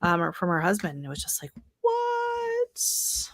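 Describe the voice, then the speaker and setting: A woman's voice: fairly low pitch, rapid-fire, a bit bright, no echo, clean studio sound. A woman co-hosting a live stream in casual, rambling chat, laughing often. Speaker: livestream co-host.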